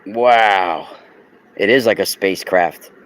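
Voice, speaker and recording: A man chatting casually on a livestream, exclaiming loudly and talking straight to his viewers while selling crystals. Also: low voice, takes it slowly. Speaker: crystal seller and podcaster. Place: indoors at home.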